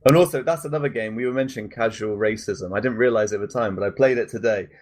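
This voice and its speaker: A man's voice: fairly low pitch, fast, darkish tone. A man co-hosting a podcast, chatting casually and leaning on the word "like" constantly. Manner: chatty, heavy use of "like". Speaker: podcast co-host.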